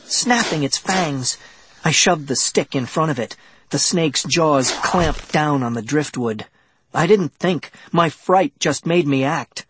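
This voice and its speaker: A man narrating a children's adventure audiobook in the first person, with lively, dramatic storytelling. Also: a little high, breathy edge.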